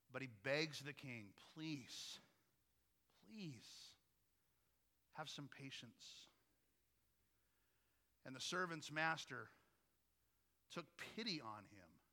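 A man's voice: mid-range voice, sharp tone, long reverb tail. A man preaching a sermon as pastor, talking to the congregation in a conversational way and often asking them questions. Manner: conversational, asks listeners frequent questions.

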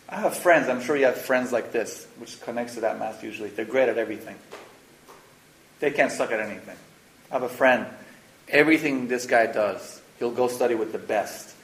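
A man's voice: mid-range voice, a little fast. A man leading a spiritual workshop, talking frankly and casually, with slang and the odd curse word. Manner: frank, animated, mixes slang and swearing. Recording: roomy echo, faint noise.

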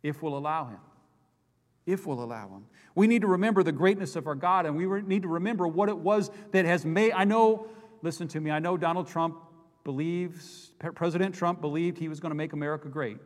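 A man's voice: high voice, brisk. A male pastor preaching an impassioned sermon, repeating and restarting phrases as he builds his points. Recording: long hall reverb.

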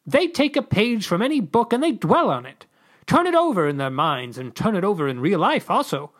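A podcast reader voicing a fussy male alien ambassador in a high, theatrical, drawn-out voice. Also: sing-song. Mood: lecturing. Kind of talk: podcast story reading.

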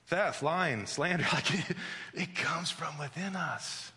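Pastor guy giving a sermon, bright voice, chatty and jokey, lots of restarts, long church reverb. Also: fairly high pitch, animated, takes it slowly. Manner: conversational and joking, with frequent restarts and "like".

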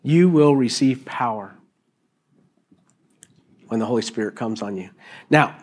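A middle-aged man preaching a sermon in an animated, jokey way, acting out little voices as he goes. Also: mid-range voice, unhurried. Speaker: pastor.

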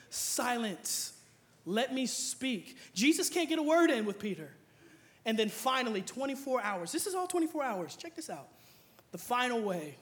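A young adult man preaching a sermon, playful and joking, acting out Bible figures in casual slang. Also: very high voice. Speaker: pastor.

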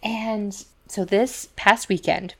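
A woman's voice: mid-range voice, steady tone, takes it slowly, gravelly. A woman co-hosting a podcast, retelling stories in casual chat with lots of fillers and asides, acting out the quoted voices. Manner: chatty storytelling full of fillers and asides. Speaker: podcast co-host.

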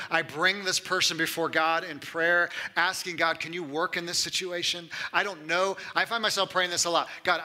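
A man, a pastor in his thirties, preaching a sermon in a conversational way, often asking "right?" and dropping to a soft, low voice for emphasis.

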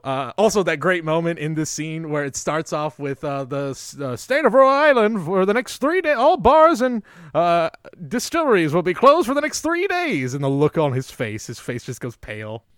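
A fairly high-voiced man co-hosting a podcast, talking in an animated, eager rush peppered with "uh" and "um." The sound is dry and close, with no room around it. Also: normal speed, clean tone, no room sound. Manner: animated, enthusiastic, many fillers. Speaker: podcast co-host. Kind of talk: casual film discussion.

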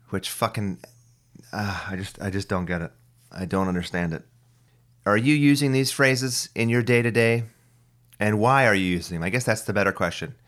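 A man with a very low voice rambles casually through a solo podcast monologue. He swears freely, restarts his sentences and drifts between rants and personal stories in an offhand way. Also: a bit bright. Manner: profane, ranting, full of restarts. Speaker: podcast host.

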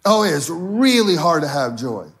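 A man's voice: a little high, big pitch swings, moderate pace, a bit bright. A middle-aged man preaching a sermon as a pastor, in a conversational style that acts out anxious prayers.

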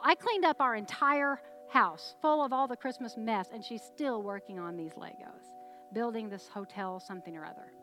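Middle-aged woman preacher, high voice, chatty storytelling sermon, faint music under. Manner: animated, conversational storyteller who laughs while talking.

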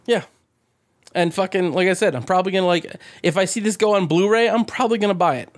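A man co-hosting a podcast in casual chat, excitable and profane, often breaking into laughter. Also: high voice, fast. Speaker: podcast co-host.

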